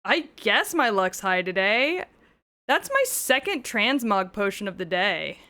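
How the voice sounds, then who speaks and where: Smooth-voiced woman streamer, chatty and crude. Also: medium pitch, very animated, measured pace, bright, forceful tone. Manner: chatty, swears often, jokey asides. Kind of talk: casual gameplay commentary.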